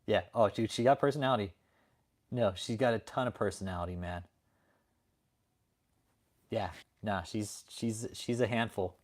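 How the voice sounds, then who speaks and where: A man's voice: lowish voice, normal speed, pauses often. A male livestream host in casual chat, laid-back and profane.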